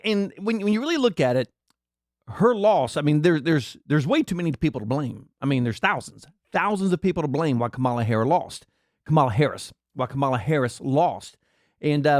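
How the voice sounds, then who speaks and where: A man's voice: a little high, a little mellow, no echo, clean studio sound. A man hosting a podcast, ranting his political opinions in a blunt, mocking way and repeating himself. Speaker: podcast host.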